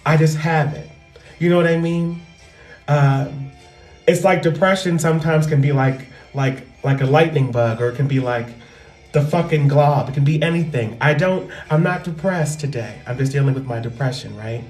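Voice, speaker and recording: A woman comedian talking loudly and animatedly in a casual, profane monologue into a microphone. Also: low voice, normal speed. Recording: roomy echo with faint music.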